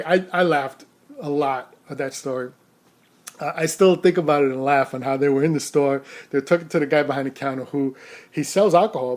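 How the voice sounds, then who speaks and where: A man's voice: on the high side, a little mellow. Rambling, self-mocking man telling a story. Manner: rambling, self-mocking, laughs often, repeats words. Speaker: rideshare driver. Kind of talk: casual storytelling to camera.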